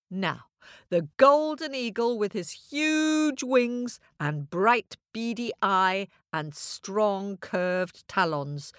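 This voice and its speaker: Playful, unhurried woman storyteller. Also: medium pitch, a bit bright, no echo, clean studio sound. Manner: playful, addresses children directly. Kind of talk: children's story narration.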